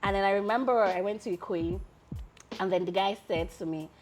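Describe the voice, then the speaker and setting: A woman's voice: mid-range voice, brisk, soft background music. A woman in her thirties with a Nigerian accent, a lawyer and founder telling stories as an interview guest, often breaking into laughter. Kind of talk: casual interview storytelling.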